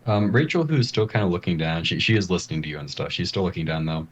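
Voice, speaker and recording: A man narrating a tabletop game as game master, relaxed and a little hesitant. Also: sits low, fast talker, breathy edge, highs cut off.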